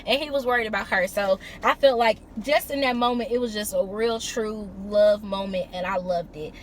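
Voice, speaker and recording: A woman's voice: mid-range voice, moderate pace, a little hiss or hum. A woman recapping a reality TV episode in a casual, chatty way, mixing summary with blunt, sassy opinions. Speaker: reality TV reviewer.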